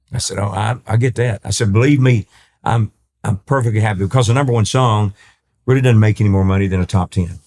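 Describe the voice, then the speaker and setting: Older man, low voice, storytelling. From East Texas. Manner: animated storyteller who acts out quoted dialogue, with frequent restarts. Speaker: country singer, podcast guest. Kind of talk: casual storytelling interview.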